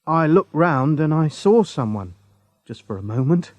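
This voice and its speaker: A man's voice: on the high side, very animated, unhurried, darkish tone, no echo, dull audio, pitched above the performer's own voice. A man voicing a young male student starting as a night cleaner, polite and earnest, in a storybook reading.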